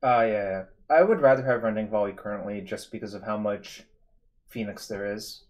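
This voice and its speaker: A man's voice: fairly low pitch, a little fast, darkish tone. A man hosting a live game stream, analyzing plays in a casual, thinking-aloud way. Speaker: streamer host. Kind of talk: casual gaming commentary.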